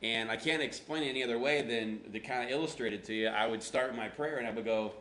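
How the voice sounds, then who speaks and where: This pastor's mid-range voice is bright and forceful as he speaks fast through a conversational sermon. He pokes fun at himself while telling stories and reenacts things he used to say. The audio carries a roomy echo with a faint hum.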